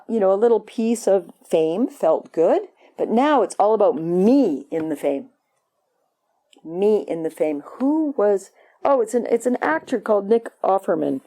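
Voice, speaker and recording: A woman's voice: on the low side, mellow. A woman meditation teacher giving a conversational, playful dharma talk at a retreat, acting out quoted voices. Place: retreat hall.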